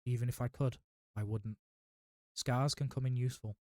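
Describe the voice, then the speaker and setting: A wise old wizard speaks calmly and gently, with a dry wit, as a man reads him aloud. The voice sits at a middle pitch, barely changed from the narrator's own. The storybook reading is close and dry. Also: normal speed, no echo, lightly acted.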